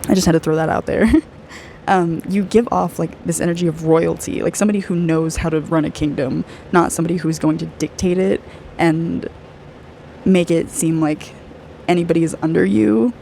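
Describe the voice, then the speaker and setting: An aura reader giving a personal spiritual reading to one client, gushing and effusive, soft and earnest, often saying "like". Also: mid-range voice, steady tone, normal speed, gravelly, slight background noise, poor audio. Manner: gushing and effusive, heavy use of "like".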